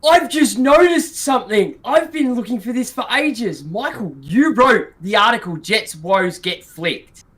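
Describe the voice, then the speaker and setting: A man co-hosting a podcast, telling a story in quick, animated bursts. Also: very high voice. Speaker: podcast co-host. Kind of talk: casual podcast chat.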